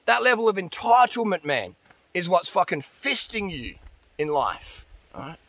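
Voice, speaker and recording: A man's voice: high voice, very animated, measured pace, pushed and bright, no room sound. A man ranting bluntly and profanely about dieting as a vlogger. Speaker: diet and fitness vlogger. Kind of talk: ranting monologue.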